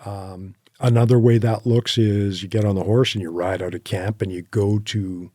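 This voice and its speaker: Man guest, low mellow voice, lively yarn-spinning, dry close podcast mic. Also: normal speed, dry recording. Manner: animated anecdotes with quoted asides and laughs. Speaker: podcast guest, horseback hunter. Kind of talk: casual interview storytelling.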